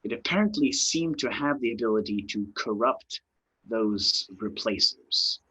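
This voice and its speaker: A man narrating as game master of a tabletop game, explaining calmly and trailing off at times. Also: on the low side, breathy edge, rough recording. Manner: unhurried, explains in plain terms, trails off at times.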